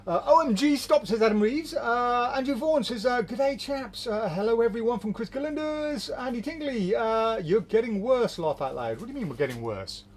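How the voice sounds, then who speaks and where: A man's voice: extremely high pitch, expressive, moderate pace, slight background noise. A man hosting a casual live stream, reading viewer comments aloud with chatty asides and easy laughs. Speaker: host of a magic shop's live show. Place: magic shop studio.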